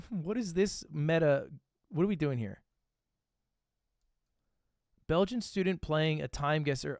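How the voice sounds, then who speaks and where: A man's voice: a little high, expressive, takes it slowly, pauses often, no echo, studio quality. A man streaming live, talking through his guesses in a casual, thinking-aloud way with frequent swearing and self-mocking asides. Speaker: livestreamer. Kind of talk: casual livestream commentary while playing a guessing game.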